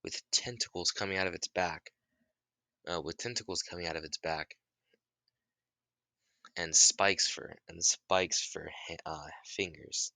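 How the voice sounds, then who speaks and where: A man's voice: deep voice, a little slow, creaky, long pauses, sharp tone, no room sound, studio quality. A man casually retelling a made-up story, rambling with restarts and the odd curse.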